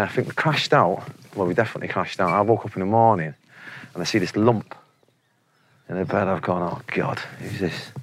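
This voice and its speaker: A man's voice: fairly low pitch, slight background noise. A Manchester man in his forties, a musician telling laddish, sweary anecdotes in a casual interview, laughing often. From England. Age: 40s.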